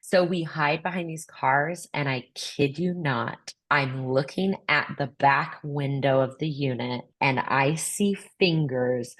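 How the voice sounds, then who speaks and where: Low-voiced woman telling a dramatic story. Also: takes it slowly, hardly any pauses. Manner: vivid, blunt, swears, acts out quotes. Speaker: real estate investor guest.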